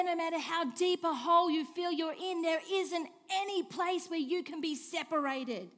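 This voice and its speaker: A woman preaching a sermon, asking rhetorical questions and swinging between hushed and emphatic lines. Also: very high-pitched. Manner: expressive, swings from soft hush to emphatic declaring; slow, deliberate delivery with rhetorical questions.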